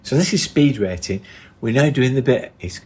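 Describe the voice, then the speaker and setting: A man's voice: mid-range voice, expressive, normal speed, darkish tone, slightly rough. A middle-aged man with a northern English accent, co-hosting a casual podcast chat and steering it with questions. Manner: steering the talk with questions and tag questions. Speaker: podcast co-host.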